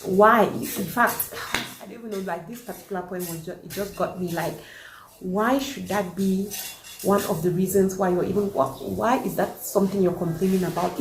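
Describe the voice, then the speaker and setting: A woman giving her opinions in a casual reaction vlog, animated and emphatic. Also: medium pitch, normal speed, slight background noise. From Cameroon. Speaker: vlogger reacting to a video. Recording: echoey room.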